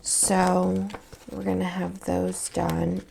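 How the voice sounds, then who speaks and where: A young woman talks through her planner spread in a loose, rambling way, thinking aloud and leaning on fillers. Her voice is deeply gravelly with heavy fry, and its tone sits mellow and soft rather than bright. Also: flat delivery, very slow, a little hiss or hum. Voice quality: gravelly morning voice. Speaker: planner vlogger and shop owner. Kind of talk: casual craft vlog chat.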